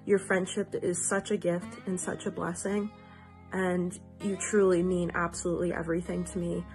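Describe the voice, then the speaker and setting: Earnest woman with an even, level voice. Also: fairly low pitch, normal speed, faint music behind. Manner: earnest, emotional, repeats herself for emphasis. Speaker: friend giving a tribute. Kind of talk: heartfelt get-well message.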